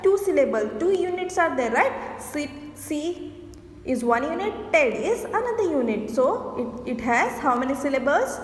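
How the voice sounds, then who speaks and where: A woman's voice: high voice, very animated, moderate pace. A woman teacher giving a classroom lesson, explaining points, asking questions and answering them herself. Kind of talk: classroom lesson mixing English and Hindi. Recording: echoey room with long reverb.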